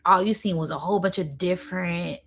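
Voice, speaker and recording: Low-voiced woman channeling spirit messages. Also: creaky, a bit bright. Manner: rambling, full of fillers, slowing down to stress points; addresses viewers directly and casually. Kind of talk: live spiritual channeling talk.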